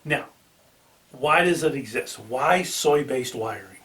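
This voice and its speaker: A man's voice: medium pitch, lively intonation, takes it slowly, a bit bright, far from the mic. A man with a Boston accent hosting a car channel, talking casually to the camera with ums and restarts. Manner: chatty, with filler ums and restarts.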